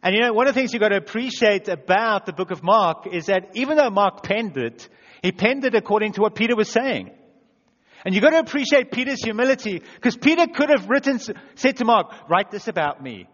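A man's voice: high voice, expressive, a little fast, a bit bright. A man preaching a sermon as pastor, self-deprecating, acting out quotes in little voices. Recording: dull echoey church hall sound.

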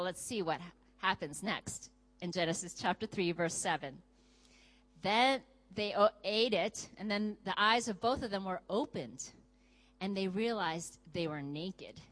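A middle-aged woman preaching a sermon to a women's group, animated, acting out little inner voices as she goes. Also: medium pitch, poor audio. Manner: animated, acts out inner voices with sudden loud jumps.

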